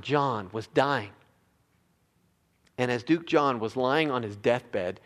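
Man preaching, mid-pitched voice, emphatic, repeats words, long hall reverb. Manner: emphatic, repeats words while building points. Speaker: pastor. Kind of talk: sermon. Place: church sanctuary.

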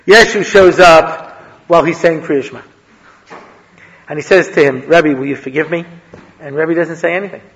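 A high-pitched man teaches a casual Torah class, chatty and full of jokes and asides. His voice rings with a long reverb from a lecture hall. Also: a bit bright. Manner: chatty, joking, peppered with "you know". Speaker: rabbi giving a Torah class.

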